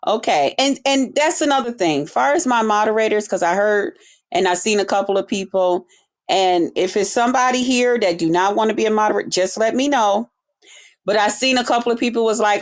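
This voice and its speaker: A woman's voice: mid-range voice, a little fast. Blunt, exasperated woman ranting on a livestream. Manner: blunt, exasperated, swears constantly, repeats herself. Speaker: livestream host. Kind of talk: profane livestream rant.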